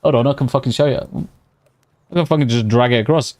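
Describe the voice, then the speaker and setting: An excitable British man chatting live with his viewers, cursing at every turn while keeping his voice a bit hushed. His voice sits at an ordinary middle pitch and sounds close and dry, with no room around it. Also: fairly quick, dry recording. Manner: excitable, swears constantly; talking slightly quietly. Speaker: live streamer. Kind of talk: casual live-stream chat with viewers. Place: at home at night.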